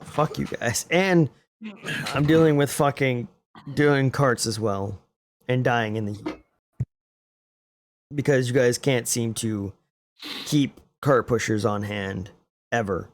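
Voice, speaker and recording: A man's voice: medium pitch, slow pace, long pauses, a little hiss or hum. A young man co-hosting a podcast, talking bluntly in casual chat and swearing a lot. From Arizona. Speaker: podcast co-host.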